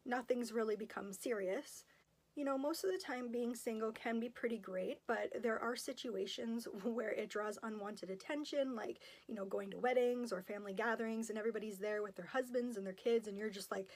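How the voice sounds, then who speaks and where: Woman in her 30s vlogging, kinda high voice, open and emotional. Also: fairly quick, a little mellow. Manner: candid, emotional. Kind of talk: personal vlog.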